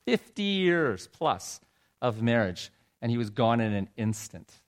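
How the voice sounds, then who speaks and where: A middle-aged man telling a heartfelt personal story in a sermon, his voice dropping low and soft when he is moved. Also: sing-song, unhurried, clear, resonant tone. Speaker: preacher. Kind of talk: sermon testimony.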